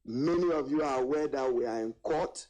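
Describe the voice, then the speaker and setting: A man delivering a formal political statement, deliberate and precise. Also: mid-range voice, darkish tone, poor audio. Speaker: party official.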